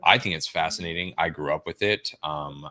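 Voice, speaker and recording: A young man with a low voice and a bright, forceful edge, riffing casually through a watch party. He talks loose and jokey, swears freely and calls people "dog" and "bro." It sounds like relaxed co-host banter. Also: normal speed. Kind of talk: casual commentary over a film.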